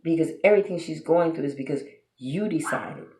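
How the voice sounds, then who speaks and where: A woman's voice: low voice, brisk, dark tone. A woman giving blunt relationship advice straight to her viewers, preachy and full of rhetorical questions. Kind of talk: direct-to-camera advice monologue. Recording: roomy echo.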